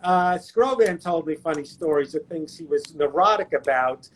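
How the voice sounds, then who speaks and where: A man's voice: a little high, slight background noise. A man, a guest actor, chatting casually over a video call and telling self-deprecating showbiz anecdotes. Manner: anecdotal, self-deprecating, does quick impressions. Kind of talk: casual storytelling chat.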